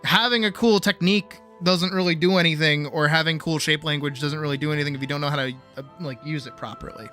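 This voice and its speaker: A man's voice: on the high side, fairly even intonation, quick pace, hardly any pauses, pushed and bright, soft background music. A man streaming art who lectures viewers in a blunt, teasing way, with profanity and playful bravado. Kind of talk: casual live-stream art lesson.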